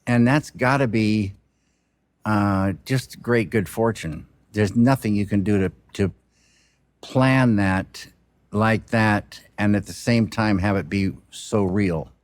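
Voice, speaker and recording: A film director speaking reflectively in an interview, halting and soft-spoken, with frequent restarts and trailing pauses. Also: male voice, fairly low pitch, dry recording.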